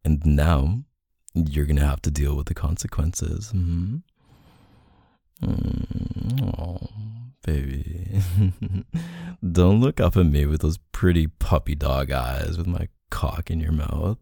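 A man performing an intimate adult audio role-play in a dominant, teasing way, with soft moans and whispered asides. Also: extremely low pitch, slow, gravelly, slightly rough, no room sound, clean studio sound.

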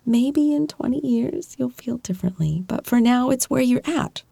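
A woman voicing an affectionate girlfriend who gently reassures and teases her partner, in a whispered role-play. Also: on the high side, lively intonation, normal speed, vocal fry, no room sound, heavily acted. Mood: reassuring. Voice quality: soft, gentle, reassuring, playfully teasing.

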